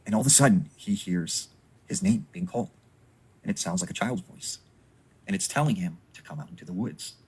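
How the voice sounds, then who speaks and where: A man with a very low voice tells an eerie story in an easy, offhand way, dropping in plenty of "you know" and "like" as he goes. His voice is strongly husky and rough. He acts out the characters' lines in passing without changing his voice much. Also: sing-song, fairly quick, rough recording. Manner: casual storytelling with frequent fillers. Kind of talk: retelling a spooky story.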